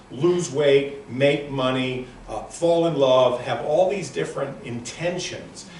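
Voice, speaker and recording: A man in his sixties giving a live motivational lecture to an audience in a room, telling stories in an animated, punchy and emphatic way. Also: mid-range voice, a little hiss or hum. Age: 60s. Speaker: motivational speaker. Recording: very echoey room, voice from a distant mic.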